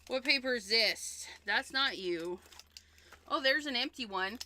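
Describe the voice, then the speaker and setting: Chatty woman with a bright voice. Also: on the high side, lively intonation, measured pace, a little hiss or hum. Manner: chatty, thinks aloud and repeats herself. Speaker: card-making livestream host. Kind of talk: casual crafting demonstration.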